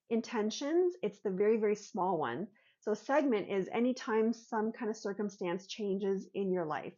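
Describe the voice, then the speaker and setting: A woman's voice: medium pitch, a little mellow. Earnest woman vlogger, slightly muffled. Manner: earnest, voices her own inner thoughts. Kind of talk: personal storytelling and teaching.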